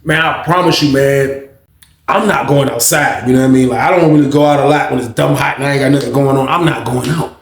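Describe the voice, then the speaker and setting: A man telling a story in a casual, animated way, with lots of slang and swearing, acting out the lines of the people in it and talking straight to his listeners. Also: mid-range voice, fast talker, echoey room, distant mic.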